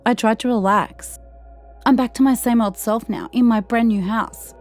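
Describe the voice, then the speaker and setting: A woman's voice: fairly high pitch, fairly even intonation, soft background music. Woman narrating a tense horror story. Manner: tense, hushed, slowing down and dropping to a whisper at scary moments. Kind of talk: scripted first-person horror narration.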